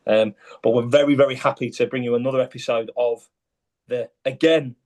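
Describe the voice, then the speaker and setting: A man's voice: medium pitch, steady tone, fairly quick, a little mellow. A man hosting a casual podcast, chatty and jokey with frequent ums. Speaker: podcast host.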